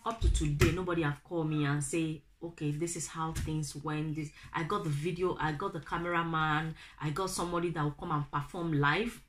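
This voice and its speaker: A young Nigerian woman with a Nigerian accent, telling a family story to her viewers, animated and acting out the people she quotes. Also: low voice, a little fast, few pauses, a little hiss or hum. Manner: animated, acts out quoted family members in raised voices. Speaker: vlogger. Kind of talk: casual storytelling to camera.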